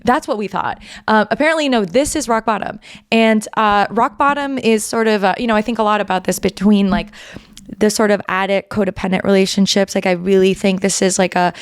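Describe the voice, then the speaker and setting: A woman's voice: mid-range voice, a little fast, clear, resonant tone, no room sound, studio quality. A woman hosting a podcast, chatting casually to camera in a rambling, self-interrupting, wry and exasperated way. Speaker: podcast host. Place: indoors, under a blanket.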